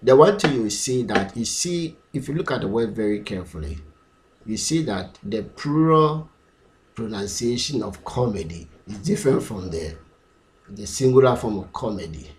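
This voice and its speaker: A man teaching pronunciation, drilling words slowly and repeating them many times. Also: on the low side, expressive, darkish tone. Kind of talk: slow, repetitive pronunciation lesson.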